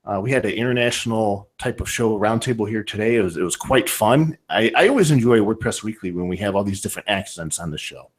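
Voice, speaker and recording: A man with a Northern Ohio accent hosts a podcast, chatting casually and loosely. His voice sits fairly low, and he often restarts phrases and repeats words as he thinks aloud. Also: expressive, quick pace, hardly any pauses, breathy edge. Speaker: podcast host.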